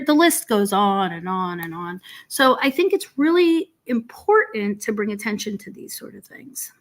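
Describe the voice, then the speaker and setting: Exasperated woman rambling through commentary. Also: mid-range voice. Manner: rambling, with many filler ums and restarts; exasperated, sarcastic. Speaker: host of a drama commentary stream. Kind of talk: casual commentary.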